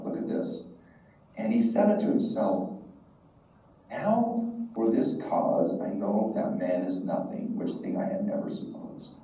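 A man's voice: mid-range voice, dark tone. A middle-aged man giving a devotional talk, telling a personal story and acting out the dialogue. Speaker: religious instructor. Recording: echoey, distant, dull room recording.

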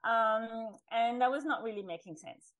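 A woman's voice: a little high, normal speed, rough recording. A middle-aged woman, a podcast guest, telling her personal story in a chatty way, with restarts and laughs. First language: French. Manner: chatty, with restarts and laughs, acts out her past self in quotes. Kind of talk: personal testimony in an interview.

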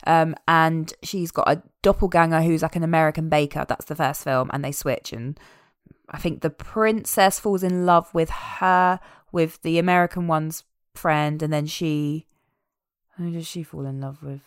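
Casting note: woman, slightly low, dry close sound, chatty and wry. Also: moderate pace, clean tone, dry recording. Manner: chatty, animated, tangents with wry asides. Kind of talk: casual chat recapping a film.

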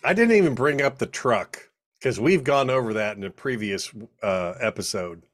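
Man, enthusiastic podcast co-host; lively pitch, dry sound. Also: normal speed, no room sound. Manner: enthusiastic, says "dude" often. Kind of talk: casual chat.

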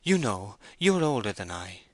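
A man's voice: fairly low pitch, sing-song, normal speed, no echo. A man voicing a proud, troubled young farm owner in an audiobook, speaking with earnest, tense feeling, his voice lifted a little above his own. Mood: anxious. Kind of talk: audiobook character voice.

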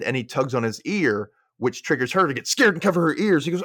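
A man co-hosting a podcast, recapping a sitcom episode and acting out the characters' lines with animated delivery. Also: mid-range voice, brisk, no echo, studio quality. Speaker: podcast co-host.

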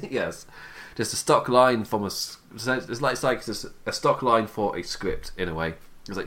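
A man giving a casual, chatty recap of a wrestling show, with frequent laughs and quick asides. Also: lowish voice, animated, a bit bright.

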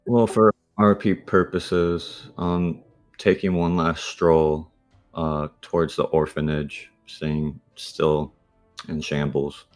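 A man playing his character in a tabletop game, calm and measured. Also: extremely low pitch, soft background music. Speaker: player. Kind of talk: in-character role-play.

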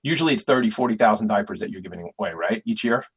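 Husky guy from long island hosting a show, rambly and fired up, kinda low voice, dry sound. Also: very fast, dry recording. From Long Island, New York. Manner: rambling, thinks aloud, impassioned. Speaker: show host. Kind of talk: casual interview.

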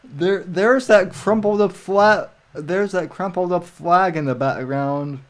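A man chatting casually on a livestream, rambling with frequent restarts and halting phrases. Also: high voice. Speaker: livestream guest. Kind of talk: casual chat.

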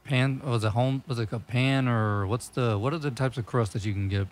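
A man's voice: medium pitch, fairly even intonation, moderate pace. A young man hosting a podcast, chatting casually, swearing a lot and laughing through rambling stories. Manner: profane, laughs often, rambling storytelling. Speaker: podcast host. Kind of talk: casual chat.

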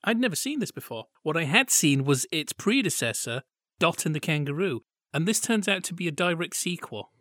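A man's voice: fairly high pitch, animated, a little fast, pushed and bright, no echo, studio quality. A man co-hosting a podcast, chatting and joking about old children's TV and acting out quotes. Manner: chatty, jokey, acts out quotes. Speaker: podcast co-host. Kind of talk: casual chat reviewing old TV.

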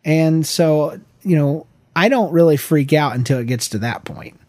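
Guy in his 30s rambling on a podcast, kinda high voice, dry close sound. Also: moderate pace, a little mellow, no room sound. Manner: rambling, joking, many restarts. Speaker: podcast co-host. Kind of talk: casual chat with his wife.

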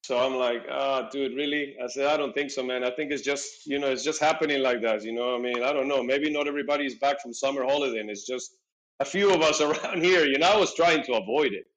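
A middle-aged man recounting a personal story as a podcast guest. His voice is animated, jumping between his own lines and the people he quotes, and he peppers his speech with casual fillers. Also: medium pitch, fast talker, low-quality recording. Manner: animated, acts out dialogue, frequent "you know".

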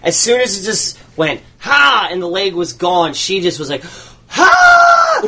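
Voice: mid-range voice, moderate pace, very noisy. A podcast co-host telling casual anecdotes and giving blunt opinions. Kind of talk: casual crude chat.

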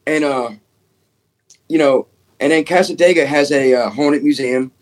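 A man, a paranormal investigator guest, telling his encounters in an excitable, casual way, full of "dude" and "man" and some swearing. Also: a little high, normal speed. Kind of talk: casual storytelling.

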